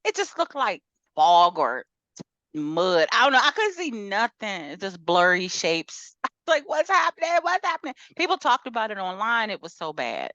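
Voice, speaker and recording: A woman's voice: mid-range voice, very animated, moderate pace, a bit bright, dry recording, lo-fi sound. A woman co-hosting a podcast, chatting casually in a laid-back, slangy storytelling way. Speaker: podcast co-host. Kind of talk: casual chat.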